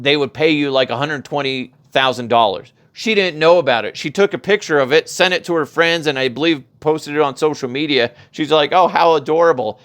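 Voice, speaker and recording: A man's voice: on the high side, a bit bright. A man hosting a podcast, ranting casually and profanely through funny news headlines, often stumbling and restarting. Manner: rambling, profane, laughs at own jokes, does mocking voices. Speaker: podcast host. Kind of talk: casual comedic headline rant.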